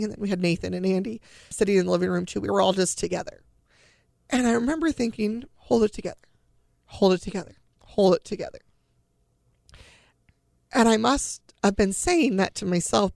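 A middle-aged woman with a gravelly, creaky edge tells a painful family story in an earnest, halting way. She keeps slipping back into the moment and quotes what everyone said. Her voice sits at an ordinary pitch and sounds close and dry. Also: no room sound. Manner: earnest, halting, relives scenes by quoting dialogue. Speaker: guest sharing a family story. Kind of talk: emotional personal storytelling.

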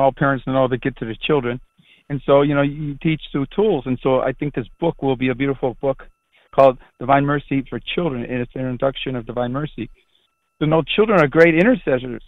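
A man's voice: mid-range voice, dry recording. A middle-aged man who is a priest, giving earnest, rambling interview answers with frequent restarts. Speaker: Catholic priest. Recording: tinny phone line, dry.

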